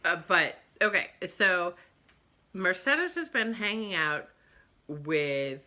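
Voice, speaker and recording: This middle-aged woman, a book vlogger, talks casually about books, rambling and wandering onto tangents. Her lowish voice is animated, slow and bright, with a forceful tone.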